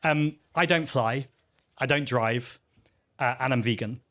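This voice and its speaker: A man's voice: mid-range voice, a little slow, a bit bright. A man, a party leader, answering audience questions at a live festival Q&A in an earnest, chatty, self-deprecating way, with frequent ums and restarts.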